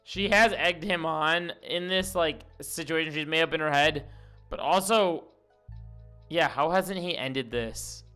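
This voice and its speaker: A man's voice: a little high, a little slow, sharp tone, clear, resonant tone, soft background music. A man streaming and reacting to a video in casual chat, laughing and talking back to the clip in disbelief.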